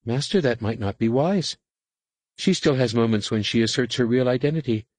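A fretful, servile alien adept, as a man reads her in a sci-fi audiobook voices worried objections in a raised, anxious tone. The voice stays husky, the recording dry and close. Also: medium pitch, moderate pace, a little mellow, no room sound, pitched above the performer's own voice, lightly acted. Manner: deferential, worried pleading.

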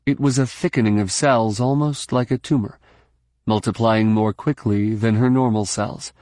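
A man reading a novel aloud as narrator, in a measured, even storytelling manner into a close mic. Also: lowish voice, dry recording. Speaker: audiobook narrator. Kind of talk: scripted narration.

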